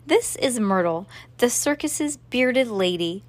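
A woman's voice: a little high, animated, slow pace, dry recording, voice pushed up. A woman doing a pompous old lion tamer. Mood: lecturing.

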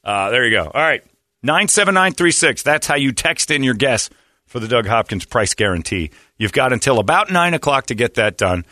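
A man hosting a morning radio show, telling stories and reacting loudly with lots of laughter. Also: mid-range voice, fairly quick, dry recording, clean studio sound. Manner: loud exclamations, laughing, animated storytelling. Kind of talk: casual radio banter and storytelling. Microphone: studio mic.

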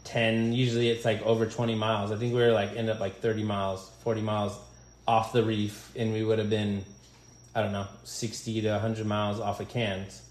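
A man, a deckhand and podcast host, telling a fishing story in relaxed, rambling chat with many fillers. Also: lowish voice, a little fast. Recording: echoey room.

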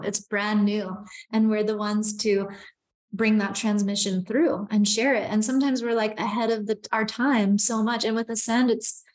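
Candid woman speaking casually on a podcast. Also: medium pitch. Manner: candid, animated, frequent "like" fillers. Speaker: podcast guest. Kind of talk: casual conversation.

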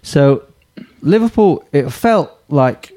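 A man's voice: a little high, animated, slow, mellow, dry recording. A man hosting a casual chat podcast, rambling hesitantly and mocking himself. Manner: hesitant, lots of fillers and restarts, self-mocking. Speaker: podcast host.

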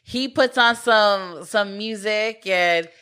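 Bright-voiced woman in casual chat. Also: mid-range voice, slow pace, clear, resonant tone. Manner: rambling retelling with fillers and quoted dialogue. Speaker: co-host recapping a film.

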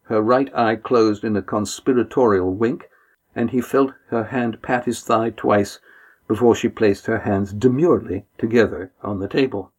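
Husky male audiobook narrator. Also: fairly low pitch, steady tone, normal speed. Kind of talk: scripted narration.

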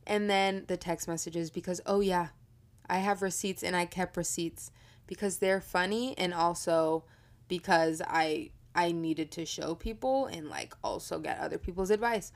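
A woman's voice: lowish voice, moderate pace. A young woman hosting a casual storytelling podcast, chatty and profane, laughing often as she talks. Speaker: podcast host.

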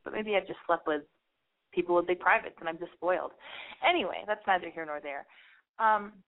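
A woman hosting a radio show, telling stories in a casual, rambling monologue full of swearing. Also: on the low side. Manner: profane, rambling and animated storytelling. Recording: tinny phone-like radio sound.

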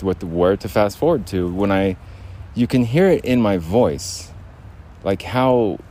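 A man's voice: low voice, a little mellow, slight background noise. A man hosting a solo podcast, talking in a rambling way, restarting his sentences and laughing at himself. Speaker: podcast host.

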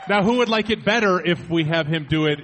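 A man's voice: on the high side, brisk, a bit bright. A man hosting a radio morning show, leading the segment with teasing banter.

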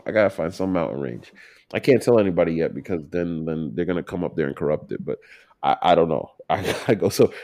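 A man co-hosting a casual talk, animated and emphatic, swinging from loud to quiet. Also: low voice, no room sound, studio quality. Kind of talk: casual chat.

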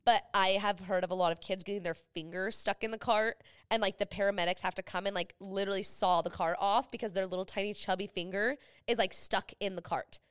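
A young woman co-hosting a podcast about motherhood, telling stories in an animated way and acting out what people said. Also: medium pitch, a little fast, hardly any pauses, smooth. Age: young adult. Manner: animated storytelling, acting out quoted dialogue. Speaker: podcast co-host. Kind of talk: casual chat.

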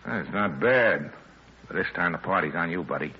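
An actor playing a tough, wanted gangster on the run, in clipped hardboiled 1940s radio acting. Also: male voice, deep voice, lively intonation, moderate pace, slightly rough, full character voice. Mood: menacing. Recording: dull old radio recording with faint hiss.

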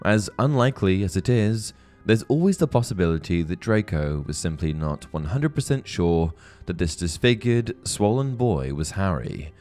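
A man hosting a book-theory channel, giving scripted narration and reading with clear, measured storytelling and expressive emphasis. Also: low-pitched.

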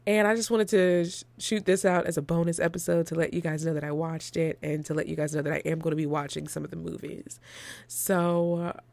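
Chatty woman, gravelly low voice. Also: fairly quick, no echo. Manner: chatty, animated, laughs often. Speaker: podcast host. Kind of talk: casual chat.

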